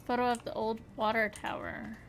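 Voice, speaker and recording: A woman streamer giving casual, halting commentary over her game, self-deprecating with many fillers, at a desk mic. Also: on the high side, little pitch movement, slight background noise.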